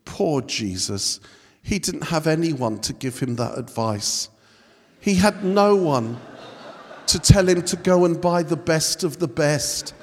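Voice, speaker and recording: A man's voice: a little high, lively intonation, unhurried. A man giving a humorous guest sermon, telling stories and joking with his listeners. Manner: jokey storytelling, bantering with the audience. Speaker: guest preacher. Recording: long hall reverb.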